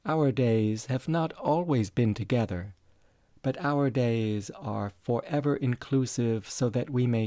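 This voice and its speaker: A man reading a literary story aloud as narrator, quiet, measured and reflective. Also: mid-range voice, dry recording, clean studio sound.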